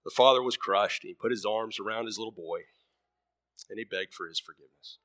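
A man's voice: lowish voice, brisk, a bit bright, no room sound, studio quality. A man preaching a sermon in a conversational way, full of ums and uhs, who tells a story and lightly acts out its voices.

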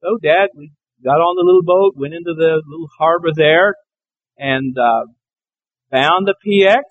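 Male preacher from Alabama, high voice, homespun storytelling sermon. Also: normal speed, narrow, tinny audio. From Alabama, USA. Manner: folksy, anecdotal storytelling.

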